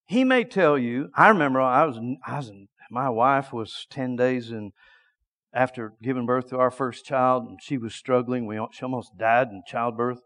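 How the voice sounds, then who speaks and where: A middle-aged male preacher telling a story in a sermon, dropping to a hush and then shouting. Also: medium pitch, moderate pace. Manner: lively storytelling that swings from hushed to shouting.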